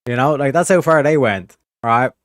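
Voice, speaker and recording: A man's voice: medium pitch, normal speed, dry recording, clean studio sound. A man from California with a rural, Southern-tinged accent, rambling and swearing as he chats with his stream audience. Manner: profane, rambling, talks to chat. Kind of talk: casual livestream commentary.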